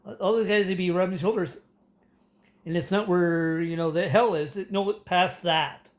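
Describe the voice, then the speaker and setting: Canadian man, fairly high voice, loose rambling rant with lots of ums and laughs. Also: fairly even intonation, normal speed. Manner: rambling, many fillers and restarts, frequent laughter. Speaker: political commentator. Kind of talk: casual rant to camera.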